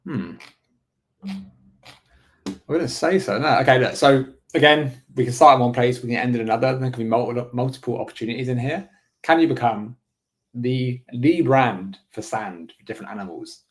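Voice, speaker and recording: A man's voice: medium pitch, moderate pace. Chatty man thinking aloud. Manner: thinks aloud, chatty, frequent "right?" asides. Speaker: online business coach. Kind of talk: casual screen-share walkthrough.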